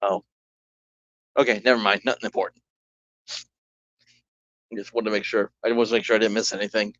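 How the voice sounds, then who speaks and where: A man's voice: lowish voice, level tone, fairly quick, fairly bright tone, muffled recording, slight background noise. Chatty man narrating a solo game. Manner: rambling, chatty, with restarts and asides. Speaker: solo tabletop game player and streamer.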